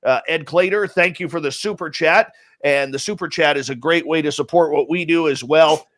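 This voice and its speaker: This is a radio host in central British Columbia, streaming from his home studio and casually greeting chatters by nickname. He speaks at a moderate pace in a highish, slightly bright voice, upbeat and teasing as the roll call wanders on.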